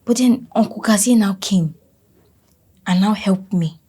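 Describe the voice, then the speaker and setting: Nervous sorry-sounding daughter, husky low tone, soft and breathy. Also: female voice, measured pace. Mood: anxious. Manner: soft, apologetic, half-whispered. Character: dutiful young daughter, anxious and apologetic.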